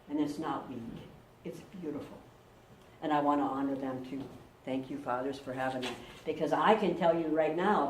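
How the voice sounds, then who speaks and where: A middle-aged woman pastor preaching a lively, conversational sermon and acting out quotes. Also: sits low, a little hiss or hum. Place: church sanctuary. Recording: echoey room, mic from far off.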